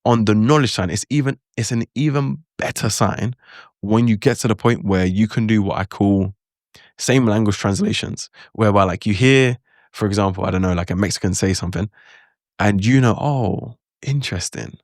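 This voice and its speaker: Guy talking through a language tip, kinda low voice, super chatty, lots of "like", dry close sound. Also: moderate pace, no echo. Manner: chatty, loose, full of asides and "like"; acts out his own reactions in quotes. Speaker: language learning creator. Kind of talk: casual spoken lesson to camera.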